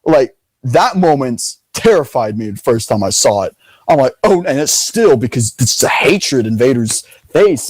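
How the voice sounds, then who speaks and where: A young man hosting a casual debate, talking in an animated, emphatic way and leaning on the word "literally". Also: mid-range voice, breathy edge, no echo, low-quality recording. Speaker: video host.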